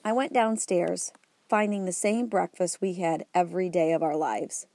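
Low, mellow woman narrating a story. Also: steady tone, normal speed, no room sound. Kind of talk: audiobook narration.

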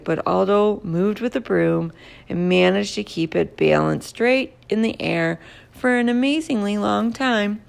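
A woman narrating a children's story in a lively, expressive storybook reading. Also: medium pitch, vocal fry.

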